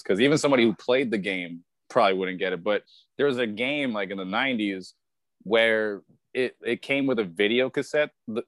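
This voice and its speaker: A man co-hosting a podcast in casual chat, explaining things at length and breaking into excited laughter. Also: dry recording. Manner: laughing, bursts into high excited yelps. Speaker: podcast co-host.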